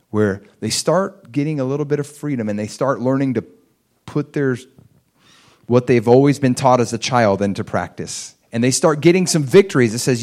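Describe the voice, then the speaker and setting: A man's voice: medium pitch, a little mellow. Conversational male preacher with emphatic peaks. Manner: asks the audience for agreement. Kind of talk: sermon.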